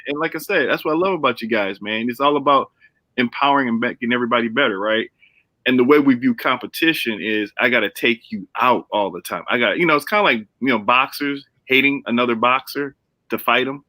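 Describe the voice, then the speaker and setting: A man's voice: mid-range voice, fast, pushed and bright, no echo, low-quality recording. A man on a discussion panel who speaks emphatically and preachily, calling the others bro.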